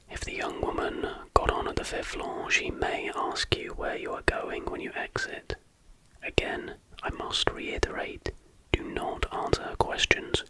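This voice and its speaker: This is an ASMR host, a man, who delivers an urban legend in a whisper. He paces it deliberately, laying it out step by step like directions.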